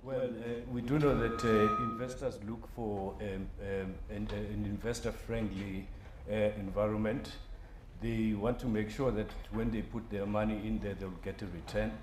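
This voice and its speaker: A man from a business chamber answering on a panel in a measured way, with many fillers. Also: on the low side, steady tone, background noise. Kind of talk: panel discussion.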